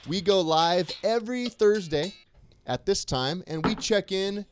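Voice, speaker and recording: A man's voice: sits high, unhurried, over music. A man co-hosting a casual livestream, upbeat and reading viewer comments aloud. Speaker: co-host.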